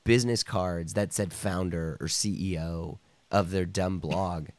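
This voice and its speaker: A man with a low, deep voice, talking as a podcast guest in a casual, meandering way, padding his story with fillers and slipping into quoted voices. The sound is close and dry, with no room echo, and he coughs now and then. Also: fairly even intonation, unhurried, a little mellow. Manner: rambling, full of "like" and "you know", acts out quoted voices.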